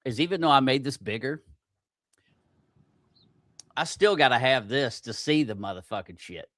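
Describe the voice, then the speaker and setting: Give me a man hosting a loose livestream podcast. He swears constantly, grumbles at his own tech troubles and laughs at himself. His voice sits at an ordinary pitch and is recorded dry and close, with no room sound. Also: animated, normal speed, a bit bright, no room sound. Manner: profane, easily aggravated, self-mocking. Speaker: podcast host. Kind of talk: casual livestream chat.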